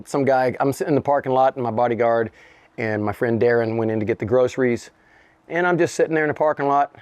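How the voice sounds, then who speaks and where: A man in his fifties from the United States, a rapper guest telling a story in an interview, profane and animated, acting out quotes and laughing often. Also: medium pitch, fast, no echo.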